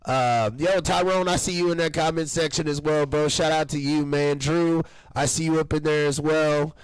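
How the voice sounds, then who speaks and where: A man hosting a casual live-streamed podcast, telling stories with laughs and shouting out commenters. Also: fairly high pitch, fairly even intonation, moderate pace, clear, resonant tone, no room sound, poor audio. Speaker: podcast host.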